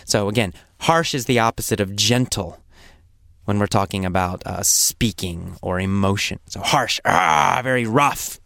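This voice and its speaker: A man teaching English vocabulary, explaining words slowly and patiently, repeating phrases and acting out examples. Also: on the low side, creaky, fairly bright tone, no room sound, studio quality. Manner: acts out coughs and sample phrases.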